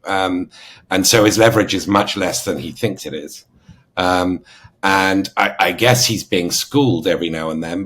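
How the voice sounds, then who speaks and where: A man with an English accent speaking as a podcast panelist, measured and analytical with hesitant fillers. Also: sits low, husky. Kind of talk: podcast discussion.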